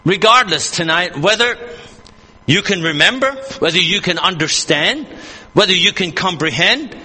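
A male preacher with a high, bright, sharp voice that swings widely in pitch, delivering an earnest, emphatic sermon. He repeats and rephrases his points as he reads scripture, heard with a long echo from a church hall. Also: expressive, moderate pace, breathy edge. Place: church service.

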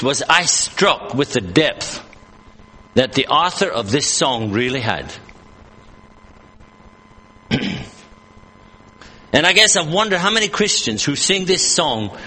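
Man, preacher, sermon, earnest and emphatic, restates his points, bright sharp tone, long church-hall reverb. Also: a little high. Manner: earnest, emphatic, repeats and rephrases phrases. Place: church service.

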